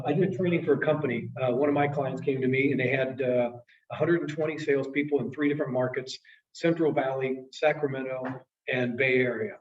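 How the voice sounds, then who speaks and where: A man in his late fifties, a sales trainer telling an emotional story to a class in an earnest way. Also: mid-range voice. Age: 50s. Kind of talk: storytelling presentation. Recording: echoey, distant, dull room sound.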